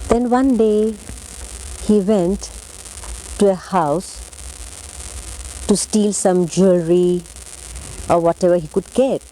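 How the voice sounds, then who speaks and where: A woman from India, interviewed for an oral history, telling her memories in a gentle, measured way that repeats phrases. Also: mid-range voice, a little hiss or hum, rough recording.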